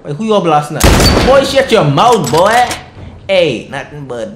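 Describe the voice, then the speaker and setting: A man giving let's play commentary, excitable and trash-talking the enemies, often bursting into shouts. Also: fairly high pitch, a little slow, reverberant, heavy background noise. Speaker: gaming streamer.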